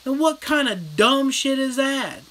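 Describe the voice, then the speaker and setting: This horror vlogger speaks in a high, unhurried voice while reading live chat, bluntly and profanely retelling a film during a casual livestream rant. The storytelling is animated, though the recording is low quality.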